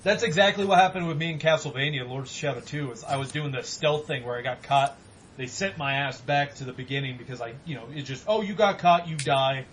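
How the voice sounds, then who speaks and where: A man co-hosting a casual gaming podcast, talking animatedly, swearing and mock-yelling at games. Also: medium pitch, fast, a little hiss or hum. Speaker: podcast co-host.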